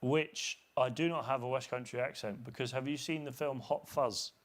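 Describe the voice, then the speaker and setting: A man's voice: medium pitch, moderate pace. A man from England hosting a live football watchalong, chatting casually and calling the play as it happens. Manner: relaxed, chatty, drifts into commentary. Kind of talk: casual chat with live match commentary.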